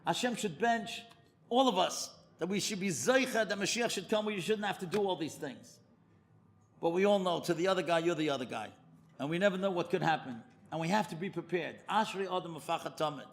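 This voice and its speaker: Male rabbi, high pitched, lively sermon storyteller. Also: a little fast. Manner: animated storyteller, pitch leaping high for emphasis. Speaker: rabbi giving a lecture.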